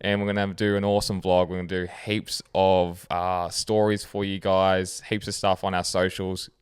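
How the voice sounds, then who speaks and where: Low, smooth Australian man, monotone. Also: normal speed. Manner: self-described monotone, laid-back, swears casually. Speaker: podcast co-host. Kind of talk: casual podcast chat.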